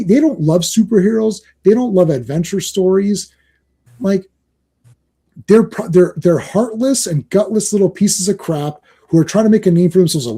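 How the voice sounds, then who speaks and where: Man, husky, mellow tone, fired-up comics rant, swears, does voices. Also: high voice, fairly quick. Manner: ranting, swearing, acts out quotes in voices. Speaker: podcast co-host. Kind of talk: heated casual chat about comics.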